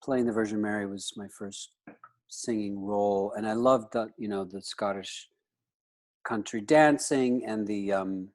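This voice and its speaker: A man in his fifties from the United States chats loosely as a guest, his voice sitting slightly low. He wanders through his thoughts and keeps dropping "you know" between phrases. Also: unhurried. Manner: rambling, with frequent "you know" fillers. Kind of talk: casual interview chat.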